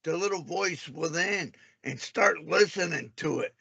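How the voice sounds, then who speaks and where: A man's voice: a little high, measured pace, vocal fry, pushed and bright, slightly rough. A man in a heated argument, aggressive and swearing, cutting in with repeated interruptions.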